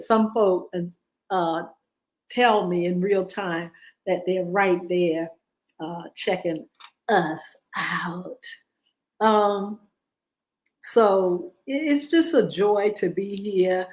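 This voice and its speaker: A woman's voice: mid-range voice, takes it slowly, long pauses, a little mellow, poor audio. Preachy woman radio show host. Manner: preachy and exhortative, with repetition. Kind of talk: talk radio monologue.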